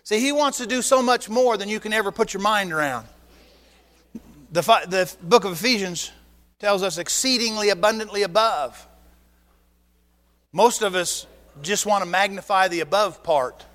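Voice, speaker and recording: High-voiced preaching pastor, lively sermon. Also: male voice, normal speed, in a large hall. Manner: animated preaching with acted dialogue and rhetorical questions. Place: church sanctuary.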